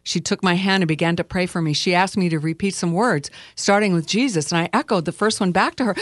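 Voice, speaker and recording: A woman's voice: fairly low pitch, fast talker, few pauses, no room sound. Earnest woman author, dry close sound. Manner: earnest and expressive, with filler hesitations. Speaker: guest author. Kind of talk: memoir reading, then casual chat.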